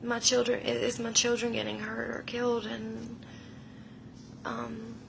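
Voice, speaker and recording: A woman in her thirties retelling a frightening personal experience in a slow, emotional, hushed way, often dropping her voice low. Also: completely flat delivery, creaky, background noise. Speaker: storyteller. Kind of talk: personal paranormal story.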